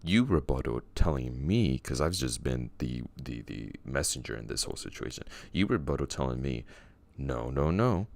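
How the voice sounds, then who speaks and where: Very deep gravelly male podcast host. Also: normal speed. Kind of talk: casual podcast chat.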